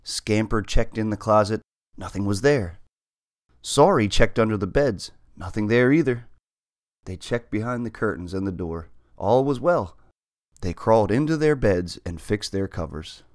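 A man hosting and reading a children's story aloud in a lively, expressive way. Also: lowish voice, unhurried, no echo, clean studio sound. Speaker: storybook reader and host.

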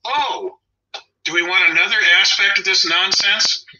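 A man's voice: high voice, normal speed, pushed and bright, a little hiss or hum. Wry Californian man in his sixties. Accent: Southern Californian. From Los Angeles. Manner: opinionated, wry, digressive storyteller. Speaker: dog trainer. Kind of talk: casual podcast chat. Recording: dull lo-fi audio.

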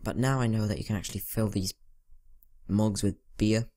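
A man's voice: lowish voice, steady tone, moderate pace, warm tone. A teenage boy giving rambling, casual commentary over a video game, talking to himself and mumbling asides. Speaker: gaming channel host. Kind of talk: casual let's-play commentary.

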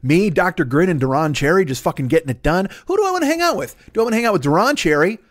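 A man's voice: a little high, no room sound, studio quality. A man in his forties hosting a comedy podcast, riffing in a rambling, profane monologue that loops back on its own bits. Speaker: podcast host.

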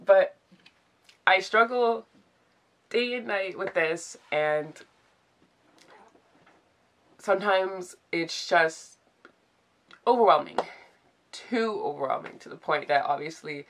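Emotional young woman venting on a vlog. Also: fairly low pitch. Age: 20s. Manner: halting, fills with "like", restarts often. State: close to tears, getting emotional. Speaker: vlogger. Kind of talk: emotional personal vlog confession.

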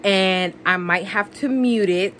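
A woman's voice: medium pitch, takes it slowly, fairly bright tone, a little hiss or hum, rough recording. A woman vlogger chatting casually with lots of fillers, narrating a gift unboxing. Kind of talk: casual vlog and voiceover narration.

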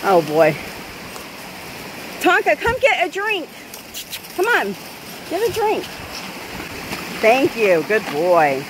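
A woman's voice: sits high, huge pitch swings. A woman, a vlogger coaxing her dog and laughing often, recorded outdoors by a waterfall on a handheld camera. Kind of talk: casual vlog chatter. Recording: loud rushing water noise.

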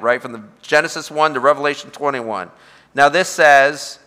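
Bright, emphatic pastor teaching in a hall. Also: male voice, on the high side. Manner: emphatic, repetitive, asks the room questions. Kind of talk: bible study teaching.

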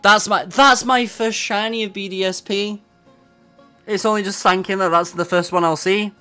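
A man's voice: sits high, fairly even intonation, normal speed, sharp tone, smooth, soft background music. A man streaming a game, chatting casually and bluntly with his chat, swearing freely and venting frustration.

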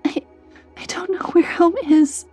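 A woman's voice: very high voice, steady tone, mellow, dry recording, faint music behind, pitched above the performer's own voice. A woman voicing a frightened little girl who is lost and crying in a horror story. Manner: tearful, halting.

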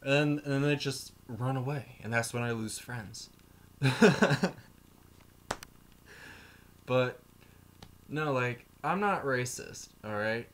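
A man's voice: mid-range voice, a little slow, a bit bright, slight background noise. A man delivering an emotional vlog rant, heated and profane, rambling from point to point. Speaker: YouTuber.

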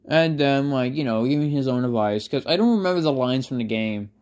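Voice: mid-range voice, expressive, brisk, darkish tone. A fan storyteller improvising a story in a rambling way, full of fillers and self-corrections.

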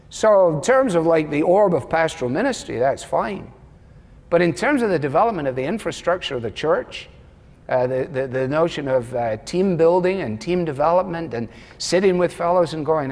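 A male pastor preaching, telling a self-deprecating story with humor and acting out the dialogue in lively bursts. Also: a little fast, in a large hall. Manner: lively, rising to high animated bursts. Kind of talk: sermon.

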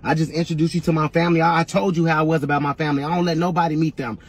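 A man's voice: a little high, level tone, racing, slightly rough. A man in a comedy sketch playing a hurt, pleading boyfriend on a phone call, talking in slang.

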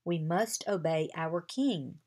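A woman reading aloud as a calm, cautious old bearded wizard who teaches young dragon trainers. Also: fairly low pitch, takes it slowly.

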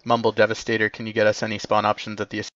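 A man commanding players in an online game, giving brisk radio-style orders over a dull lo-fi voice chat. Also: on the low side, monotone, a bit bright, dry recording. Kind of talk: game voice comms.

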